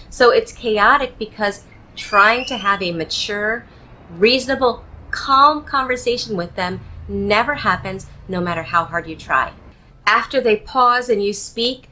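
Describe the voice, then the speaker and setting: A woman relationship coach giving advice straight to the viewer in a measured, emphatic way, leaning on key words. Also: medium pitch, sharp tone, a little hiss or hum, poor audio. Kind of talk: direct-to-camera advice talk.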